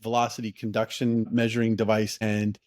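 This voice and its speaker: A middle-aged man, a company founder and podcast guest, telling stories in an enthusiastic, excitable way with many restarts and fillers. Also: on the low side, brisk, no echo, clean studio sound. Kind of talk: casual interview storytelling.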